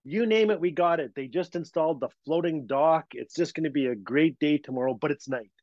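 A man from Northern Canada telling a story with a lively, laughing delivery, his voice sitting somewhat high for a man. The sound is dry and dull, like a lo-fi recording. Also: brisk, dry recording. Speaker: guest storyteller. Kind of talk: animated storytelling.

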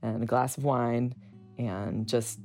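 A woman's voice: rumbling low, slow pace, soft background music. A woman who works as a hospital chaplain, recalling her experiences in a candid, rambling interview. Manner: animated, rambling storytelling with fillers.

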